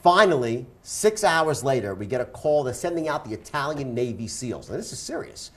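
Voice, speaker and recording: A man's voice: medium pitch, very animated. A man telling a dramatic personal anecdote on stage, in punchy bursts peppered with "right?" and "so anyway". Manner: fast, punchy storytelling with frequent "right?" and "so anyway". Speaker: speaker and author.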